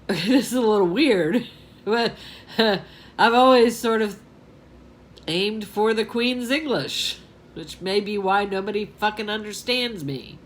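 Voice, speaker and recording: A woman's voice: mid-range voice, slight background noise. A woman in her twenties from New York, telling a rambling story on her vlog and often laughing at herself. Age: 20s. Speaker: vlogger.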